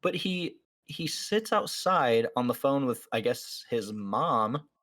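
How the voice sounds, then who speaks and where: Podcast host, male, middle-pitched voice, telling a story loosely and acting out the dialogue. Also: animated, takes it slowly, fairly bright tone. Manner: acts out the people in his story, many fillers. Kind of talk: casual storytelling chat.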